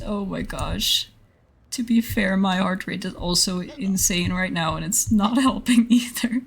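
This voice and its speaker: A woman's voice: medium pitch, measured pace, creaky, breathy edge. A young adult woman streaming a game live, often laughing, flustered and apologizing to her chat.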